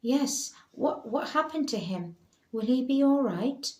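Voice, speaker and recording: A woman's voice: sits high, expressive, a little slow, mellow, voice pushed up. A woman voicing a caring young student, earnest and concerned. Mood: anxious. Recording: roomy echo.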